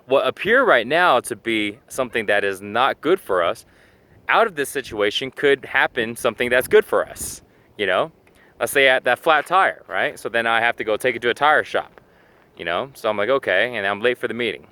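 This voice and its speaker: A man's voice: mid-range voice, expressive, normal speed, bright, forceful tone. A man giving a casual motivational talk to camera, chatty and full of "you know", acting out everyday scenes as he explains. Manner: acts out little scenes in quoted asides. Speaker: fitness and self-help video host.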